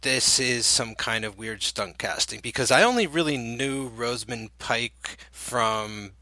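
A man's voice: mid-range voice, animated, a little slow, sharp tone, no echo. A man co-hosting a casual movie review chat, laid-back and enthusiastic. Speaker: podcast co-host.

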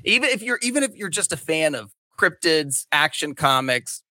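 A middle-aged man from the Philadelphia suburbs hosts a relaxed podcast chat. His tone is forceful and bright, and the sound is dry and close, with little room in it. He rambles, restarting his sentences often. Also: fairly high pitch, moderate pace, dry recording. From Delaware County, Pennsylvania. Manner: rambling, frequent restarts and fillers. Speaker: podcast host. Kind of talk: casual chat.

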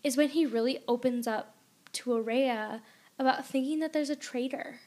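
A young woman co-hosting a book podcast in casual chat, animated and laughing often. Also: high voice, moderate pace.

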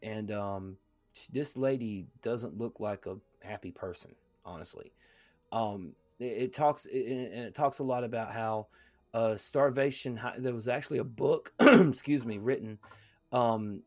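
A man hosting a podcast, reading a text aloud in a halting way, with fillers and stumbles. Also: on the low side, darkish tone, no room sound. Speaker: podcast host.

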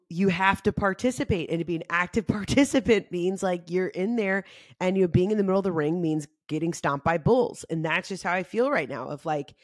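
Chatty frank woman podcasting, dry sound. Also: no room sound. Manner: chatty and frank, heavy "like" fillers, expressive pitch jumps. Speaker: podcast host. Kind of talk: casual spiritual self-help monologue.

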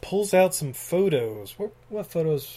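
A man's voice: fairly high pitch, big pitch swings, unhurried, mellow, slight background noise. A man co-hosting a podcast, recapping a movie in a rambling casual chat, laughing often and swearing freely. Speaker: podcast co-host.

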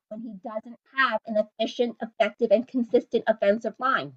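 A woman's voice: a little high, steady tone, moderate pace, few pauses, highs cut off. Blunt, emphatic woman sports podcaster. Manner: blunt, emphatic, repeats points for stress. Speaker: podcast host. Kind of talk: opinionated solo sports commentary.

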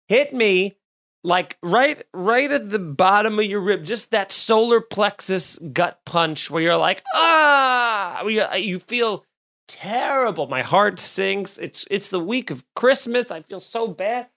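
Guy comedian rambling through a story on his podcast, kinda high voice, swears a lot, does little voices for everyone. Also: slow. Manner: animated, swearing, acts out quoted voices. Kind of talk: casual storytelling monologue.

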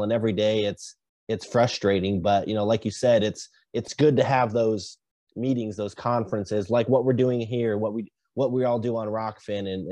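A man hosting a podcast interview, talking in a halting, easygoing way full of fillers. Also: lowish voice, warm tone, no echo. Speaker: podcast host.

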